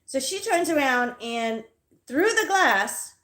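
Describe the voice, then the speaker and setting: A woman's voice: high-pitched, big pitch swings, slow pace, noisy background. Fired-up, profane woman ranting in echo. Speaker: psychic reader hosting a live stream. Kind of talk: angry storytelling on a live stream. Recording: echoey room.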